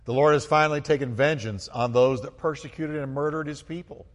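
A man preaching as pastor to his church, fervent, building to loud exclamations and calling the congregation to respond. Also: fairly high pitch, fairly even intonation, fairly quick, big-room sound, highs cut off. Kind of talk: sermon. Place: church sanctuary.

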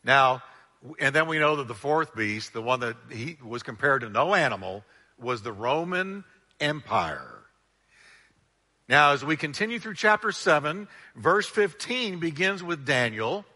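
A male pastor preaching a sermon with animated delivery, drawing the congregation into call-and-response. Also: on the high side, unhurried, big-room sound.

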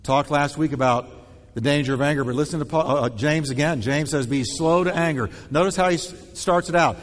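A man preaching a sermon in an animated way, acting out quoted voices with shifting tone and pace. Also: fairly high pitch, fairly quick, long reverb tail. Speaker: pastor.

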